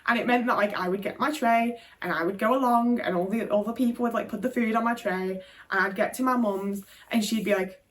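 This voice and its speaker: A woman's voice: on the high side, brisk, recorded from a distance. A British woman telling her own life story to camera, frank and full of swearing and "like" fillers. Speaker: video creator. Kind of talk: candid personal storytelling to camera.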